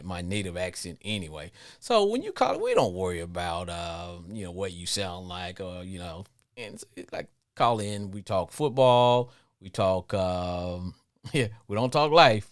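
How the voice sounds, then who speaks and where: A middle-aged man hosting a live sports call-in show, rambling and repeating himself as he talks, with frequent chuckles. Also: moderate pace. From Arkansas, with Louisiana family. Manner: rambling, repeats words, laughs often, lively swings in pitch. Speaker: podcast host.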